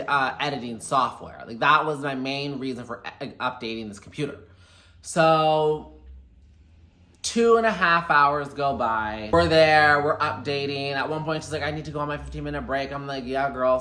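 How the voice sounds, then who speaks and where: Young man, bright chatty storyteller, echoey room. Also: mid-range voice. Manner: chatty and animated, quotes people in quick asides. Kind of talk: casual storytime vlog.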